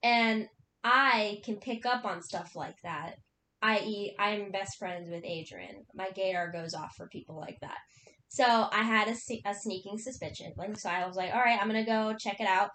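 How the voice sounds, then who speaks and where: A young woman telling a story in casual chat, swearing often and acting out what people said. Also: normal speed. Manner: profane, animated storyteller acting out quotes. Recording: echoey room, faint rumble.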